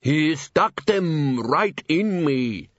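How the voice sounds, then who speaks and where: Whining male vampire, slow and aggrieved, voiced by a male reader; dry, dull sound. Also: a little high, animated, no echo, voice pushed up, exaggerated voice.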